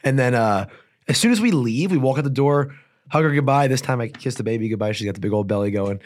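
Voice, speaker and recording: Speaking in a medium pitch that's expressive yet slightly mellow, a man appears as a guest fighter on an audio-only podcast. His casual interview talk consists of fast, rambling stories laden with fillers.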